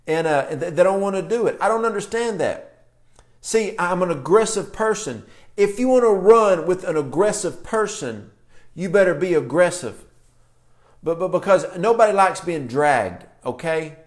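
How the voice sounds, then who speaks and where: A middle-aged man preaching a sermon in a forceful, folksy country manner, telling stories from his ministry. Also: fairly high pitch, expressive, normal speed. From rural American. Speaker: apostle and preacher.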